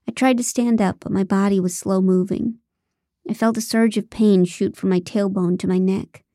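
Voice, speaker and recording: A woman narrating an audiobook in the first person, telling the story in an even, wry way. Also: mid-range voice, normal speed, no room sound, clean studio sound. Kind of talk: scripted narration.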